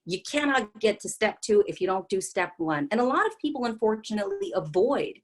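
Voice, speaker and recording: A woman's voice: mid-range voice, big pitch swings, brisk. A woman psychotherapist giving a talk, earnest and reassuring, with frequent fillers and restarts. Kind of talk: talk to an online group.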